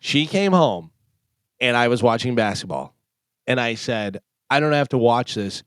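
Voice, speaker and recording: A man's voice: medium pitch, animated, normal speed, a bit bright, smooth, no room sound, studio quality. A man co-hosting a morning radio show, telling an exasperated, joking story about his home life. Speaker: radio co-host. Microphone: studio microphone.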